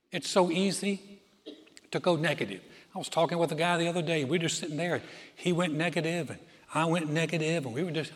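A man's voice: a little high, a bit bright. A man preaching a sermon as pastor, earnest and conversational with emphatic bursts. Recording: long church-hall reverb.

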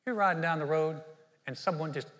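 A middle-aged man preaching a sermon as pastor, humorous and animated, telling stories with playful asides. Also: a little high, a little fast, long reverb tail.

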